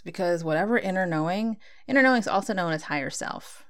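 A woman's voice: lowish voice, brisk. A woman giving a casual spiritual talk, speaking conversationally and acting out her own inner dialogue.

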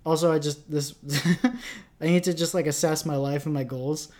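A man's voice: on the high side, fairly even intonation, moderate pace, a little mellow. A young man from rural Canada, co-hosting a podcast in casual, rambling chat and laughing at himself often. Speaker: podcast co-host.

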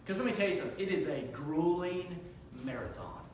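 High bright preacher in an echoey church. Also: male voice, a little fast, distant mic, noisy background. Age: 30s. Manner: builds from conversational to shouting. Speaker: pastor. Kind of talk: sermon. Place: church sanctuary.

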